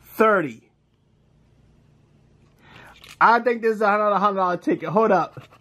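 A man, commenting casually as he scratches lottery tickets, reading numbers aloud in slang and breaking into excited shouts. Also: high voice, brisk.

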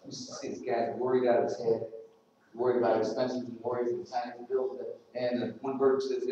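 A man's voice: medium pitch, normal speed, a little mellow, slight background noise. A man preaching a sermon in a church, talking conversationally and putting questions to the congregation. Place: church sanctuary. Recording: echoey church, mic far off, dull sound.

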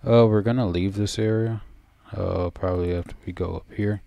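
Low gravelly man playing a game. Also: fairly even intonation, normal speed, no echo, muffled recording. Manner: mumbles numbers and item names while thinking aloud. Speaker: gameplay commentator. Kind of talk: casual let's-play commentary.

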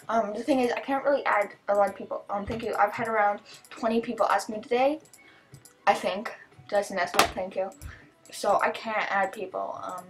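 A teenage girl chatting casually as she opens gifts, excitable, gasping and thanking over and over. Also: fairly high pitch, a little hiss or hum. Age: teens. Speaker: vlogger opening gifts. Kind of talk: casual chat.

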